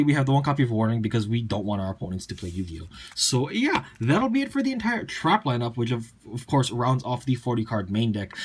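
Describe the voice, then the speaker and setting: Fast-talking young man explaining a deck. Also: mid-range voice. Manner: rapid, chatty, lots of fillers and asides. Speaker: deck profile presenter. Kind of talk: casual card game deck breakdown.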